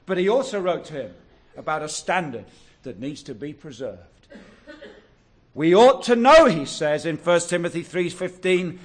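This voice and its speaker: A man preaching a sermon, earnest and exhortative, drawing out key words slowly. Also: fairly high pitch, expressive. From England.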